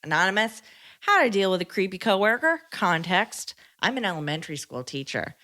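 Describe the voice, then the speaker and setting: A woman's voice: medium pitch, expressive, a little fast, sharp tone. A woman co-hosting a podcast, reading listener letters aloud and chiming in with short agreements. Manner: reads letters evenly, short agreeing replies.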